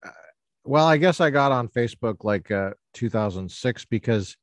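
A man's voice: mid-range voice, expressive, moderate pace, no room sound. A man in his forties hosting a podcast, chatting casually, joking and rambling with many fillers. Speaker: podcast host. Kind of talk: casual interview chat.

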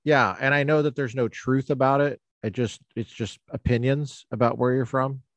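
A man's voice: medium pitch, fairly even intonation, moderate pace, no echo, highs cut off. A man in his forties hosting a podcast, chatting casually, joking and rambling with many fillers. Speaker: podcast host. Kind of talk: casual interview chat.

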